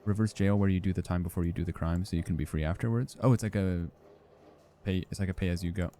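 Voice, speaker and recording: A man's voice: low-pitched, steady tone, quick pace, dark tone, slight background noise. A young man streaming a game, rambling and joking, with lots of fillers and swearing. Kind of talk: casual gameplay commentary.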